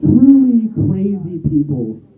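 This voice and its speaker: A young man doing a rambling, self-deprecating stand-up comedy set with quick asides. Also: high-pitched, big pitch swings, far from the mic. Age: young adult. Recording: tinny lo-fi phone-like recording.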